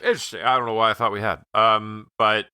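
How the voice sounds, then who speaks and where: A man with a very deep yet strikingly bright, crisp voice co-hosts a casual movie podcast. He muses in an unhurried way, full of ums. The sound is dry and close. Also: steady tone, no room sound. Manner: measured, filler-heavy musing. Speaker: podcast co-host. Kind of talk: casual movie review chat.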